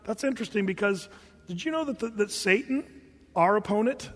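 A man preaching a sermon, animated and conversational, often repeating words and acting out the quotes he tells. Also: high-pitched, a little fast, big-room sound. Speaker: pastor.

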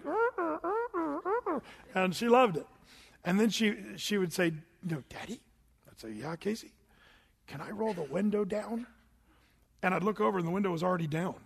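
A man's voice: high voice, creaky, husky. A middle-aged man preaching a sermon in a large church, telling stories and acting out the voices in them. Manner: animated storytelling, acts out voices. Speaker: pastor. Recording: long hall reverb.

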